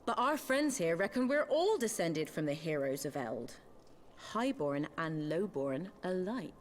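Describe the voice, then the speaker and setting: A tough, sardonic street leader. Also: female voice, fairly low pitch, sing-song, unhurried, slight background noise. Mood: explaining. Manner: dry, sardonic, commanding. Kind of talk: video game cutscene voice acting.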